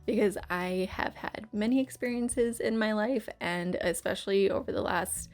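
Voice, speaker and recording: A woman's voice: medium pitch, normal speed, darkish tone, faint music behind. A woman hosting her channel, rambling through a casual story-time chat with plenty of fillers and restarts. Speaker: YouTube channel host.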